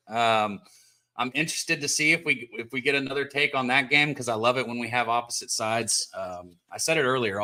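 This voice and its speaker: Guy hosting a betting stream, bright forceful voice, hyped up, lots of shout-outs. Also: medium pitch. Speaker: host of a betting show. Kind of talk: casual live-stream sports talk.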